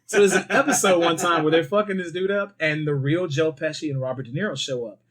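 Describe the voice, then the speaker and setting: A man co-hosting a podcast, chatting casually and telling animated stories full of swearing and acted-out quotes. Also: on the high side, fast. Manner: animated storyteller, swears freely, acts out quoted voices. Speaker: podcast co-host. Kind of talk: casual chat.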